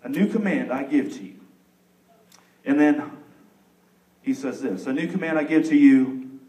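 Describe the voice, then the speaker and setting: Lively young pastor preaching in an echoey church. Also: male voice, mid-range voice, a little slow, recorded from a distance. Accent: Texan. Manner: animated, acts out the characters in the story with sudden loud bursts. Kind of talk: sermon. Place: church sanctuary. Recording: echoey room, mic some way off.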